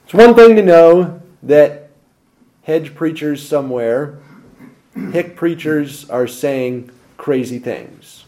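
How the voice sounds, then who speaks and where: This man gives a sermon as pastor, speaking at a slow pace with a fairly high pitch. He uses rhetorical questions and alternates between loud emphasis and quiet asides.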